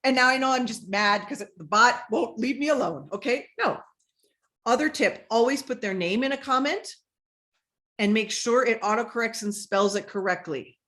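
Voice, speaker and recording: A woman business coach giving a lively, conversational talk about selling on social media, acting out sample messages as she goes. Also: on the high side, moderate pace.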